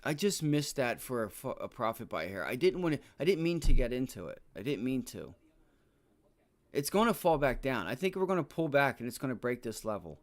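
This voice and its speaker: A man's voice: sing-song, a little fast. Frustrated swearing man trading live. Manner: frustrated, swearing heavily, shouting outbursts; muttering to himself, low and deflated. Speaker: day trading livestreamer. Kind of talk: live trading stream commentary.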